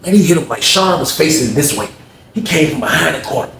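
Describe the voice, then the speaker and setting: A man's voice: fairly high pitch, lively intonation, quick pace, gravelly, reverberant, noisy background. A man telling a casual storytime, slangy and talking to viewers while acting out the scenes.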